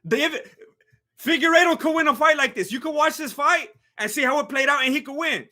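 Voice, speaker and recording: A man hosting a live fight watch-along, firing excited, incredulous questions at his chat. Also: very high-pitched. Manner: talks to the chat with rapid questions. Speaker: livestream host reacting to fights.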